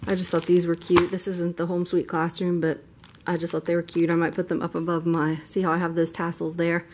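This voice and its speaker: A woman's voice: lowish voice, completely flat delivery, fairly quick, a little mellow, a little hiss or hum. Chatty woman teacher vlogging. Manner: chatty, rambling with fillers. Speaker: second grade teacher. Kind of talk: casual vlog chat. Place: car, then classroom.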